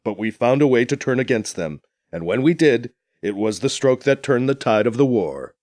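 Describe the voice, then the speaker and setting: A man voicing a proud, solemn male alien captain who speaks in a formal, measured way. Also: mid-range voice, lively intonation, a little mellow, no echo, studio quality, pitched below the performer's own voice, lightly acted.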